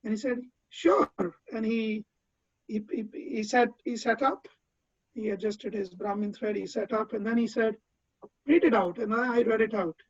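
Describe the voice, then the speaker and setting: Recalling personal memories as a disciple, a man gives an earnest, heartfelt tribute full of restarted phrases. His delivery is high-pitched and flat, at normal speed. The recording sounds dull and dry, lo-fi with no echo.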